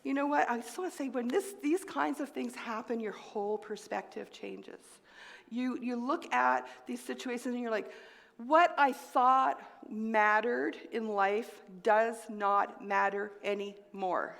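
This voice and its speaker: Lady preacher telling her story, goes loud then whispery, big echoey church. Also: on the high side, measured pace, gravelly. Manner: dramatic swings between loud and hushed. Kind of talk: sermon with personal testimony. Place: church sanctuary.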